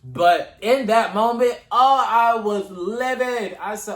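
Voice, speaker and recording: A man's voice: high voice, normal speed, hardly any pauses. A young man vlogging a casual storytime to camera, retelling events dramatically with slang and asides to his viewers. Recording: echoey room.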